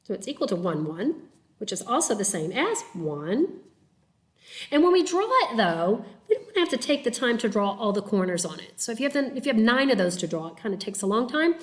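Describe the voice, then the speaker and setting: A woman's voice: on the high side, very animated, fairly quick. A woman teacher explaining a math lesson step by step, counting aloud as she draws and checking in with "okay?". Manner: counts aloud while drawing, trailing off quietly.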